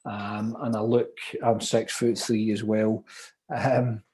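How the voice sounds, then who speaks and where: A man's voice: on the low side, level tone, slow pace, mellow. Glaswegian man running an online training. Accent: Glaswegian Scottish. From Scotland, Glasgow. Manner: chatty, upbeat, reads out viewer comments. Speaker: property investment trainer.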